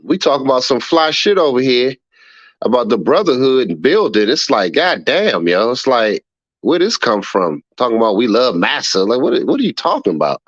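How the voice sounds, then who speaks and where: A man's voice: medium pitch, sing-song, normal speed, no echo, muffled recording. A man hosting a livestream and reading chat aloud, laughing often, repeating himself and scolding a viewer. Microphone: streaming setup mic.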